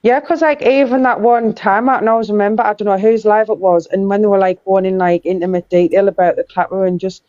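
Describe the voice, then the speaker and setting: A woman's voice: medium pitch, fairly even intonation, fast, few pauses, warm tone. A woman interviewing, speaking hesitantly with many restarts and fillers in casual chat. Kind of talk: casual chat on a live stream. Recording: dull lo-fi dry sound.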